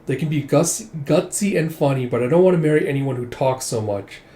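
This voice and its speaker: A man's voice: fairly high pitch, fairly quick, mellow, natural voice. A man voicing a proud, blunt young prince who talks in a curt, matter-of-fact way, recorded in an echoey room. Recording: roomy echo.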